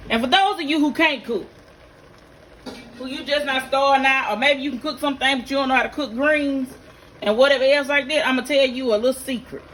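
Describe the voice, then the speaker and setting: A middle-aged woman with a high-pitched, fairly bright voice chats quickly while cooking a recipe at home for her vlog. Folksy and instructive, she speaks directly to viewers. A little hiss or hum sits under the recording.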